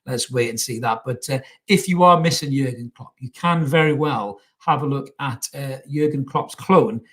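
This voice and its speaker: A young man talks football on his own show, chatting with the viewers. His voice sits at an ordinary middle pitch. He is blunt and sweary, with plenty of laddish banter. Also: normal speed, fairly bright tone. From North East England. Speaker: podcast host. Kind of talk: casual live-stream football chat.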